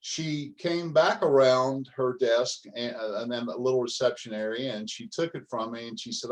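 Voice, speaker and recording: A man's voice: mid-range voice, fairly even intonation, moderate pace, hardly any pauses, low-quality recording. An older man, a business coach, telling a story in a folksy, humorous way during a motivational talk.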